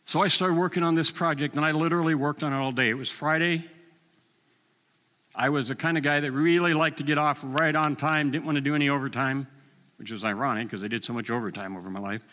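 A man in his sixties preaching a sermon, telling a personal story with animated delivery and chuckles. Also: mid-range voice, in a large hall.

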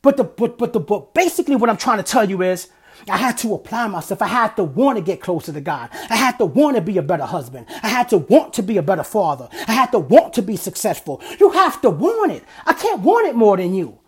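A man's voice: sits high, big pitch swings, fast, husky. A middle-aged man hosting a podcast, giving a blunt, emphatic motivational monologue and swearing freely. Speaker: podcast host.

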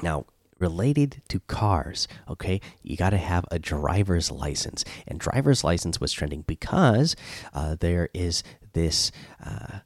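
A man's voice: low voice, no room sound, studio quality. A middle-aged man hosting a podcast alone, chatting casually through the news with lots of fillers and restarts. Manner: rambling, many "uh" fillers and self-corrections. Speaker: podcast host. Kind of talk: casual solo news chat.

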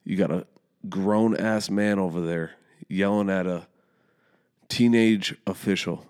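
Deep-voiced man telling a heated story. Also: steady tone, a little slow, a little mellow, clear, resonant tone. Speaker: youth soccer coach and podcast host. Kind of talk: casual storytelling.

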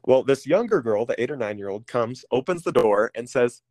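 A man candidly telling a personal story as an interview guest, pausing often with ums and restarting phrases. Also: medium pitch, animated, darkish tone, slight background noise. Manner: halting, with frequent ums and restarts.

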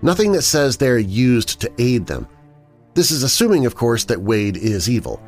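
A male narrator voicing a young woman, the hero's sister, who speaks in a measured, matter-of-fact way. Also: mid-range voice, very animated, darkish tone, soft background music.

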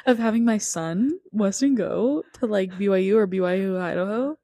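A woman's voice: mid-range voice, dark tone, no room sound. Playful young woman, dry close voice. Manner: quick reactive interjections, playful. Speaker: podcast host. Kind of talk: casual chat.

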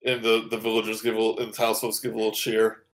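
A man's voice: on the low side, completely flat delivery, fast. A man running a tabletop game as game master, narrating with frequent ums and restarts. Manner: hesitant, full of ums and restarts.

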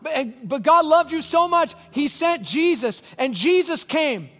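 A male pastor with a strikingly high voice preaches to his congregation, storytelling with animated bursts that fall to hushed intensity. His words ring out with a long reverb from a large church hall. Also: measured pace. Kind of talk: sermon.

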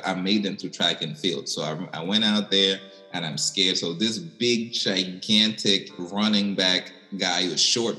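A man from Costa Rica with a Caribbean Limón English accent, telling stories casually as a podcast guest, animated and laughing often. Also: sits low, in a large hall. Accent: Costa Rican Caribbean (Limón) English. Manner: animated, laughing, playful voice impressions. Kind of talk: casual storytelling in a podcast interview.

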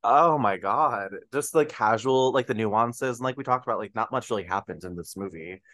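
A man's voice: mid-range voice, normal speed, fairly bright tone. A man co-hosting a film podcast, chatting casually and animatedly, laughing often and rambling with fillers. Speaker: podcast co-host. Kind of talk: casual film review chat.

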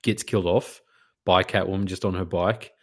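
A man co-hosting a casual film chat, playful and quick to mimic characters. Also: deep voice, fairly even intonation, slightly rough. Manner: playful, puts on voices for jokes. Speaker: podcast co-host.

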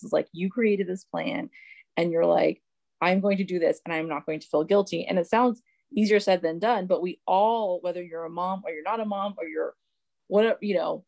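A woman's voice: lowish voice, brisk, vocal fry, a little mellow, no room sound. A woman hosting a podcast, chatty and enthusiastic, full of "like" fillers as she interviews her guest. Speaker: podcast host. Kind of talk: casual podcast conversation.

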